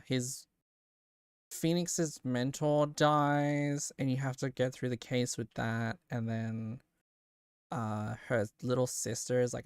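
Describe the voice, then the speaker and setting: A woman's voice: very deep voice, clear, resonant tone, dry recording, studio quality. A woman streamer chatting casually and rambling with giggles while playing a game.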